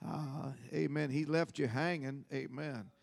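A man's voice: fairly high pitch, steady tone, unhurried, vocal fry, dry recording. A man, a visiting preacher, telling a story, sprinkling in amens. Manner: folksy storytelling with frequent amens. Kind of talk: sermon. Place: church.

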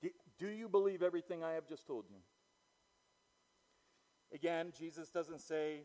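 Emphatic pastor preaching in a hall. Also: male voice, fairly high pitch, moderate pace, long pauses, a little mellow. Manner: emphatic preaching, rising and falling, repeats words. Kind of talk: sermon. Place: church.

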